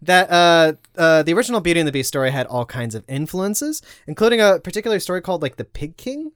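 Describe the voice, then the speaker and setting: A male podcast co-host rambles through a casual chat, full of fillers and restarts. His voice is on the high side and smooth, very animated and fast. The recording is dry, with clean studio sound.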